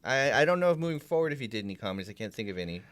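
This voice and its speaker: A man's voice: medium pitch, sing-song, rapid-fire, a bit bright, clear, resonant tone. A man co-hosting a podcast, chatting casually and playfully, filling in background facts. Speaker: podcast co-host. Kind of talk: casual chat.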